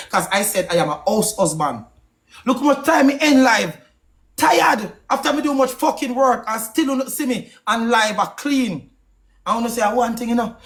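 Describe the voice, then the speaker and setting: Ranting man with a Jamaican accent. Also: very high-pitched. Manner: animated, swearing, repeats himself for emphasis. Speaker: live-stream host. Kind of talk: heated live-stream rant.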